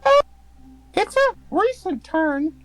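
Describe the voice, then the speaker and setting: A woman voicing Bob, a laid-back young man who talks in blunt, slangy, drawn-out phrases. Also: very high voice, big pitch swings, faint music behind, pitched above the performer's own voice, heavily acted, low-quality recording. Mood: chatty.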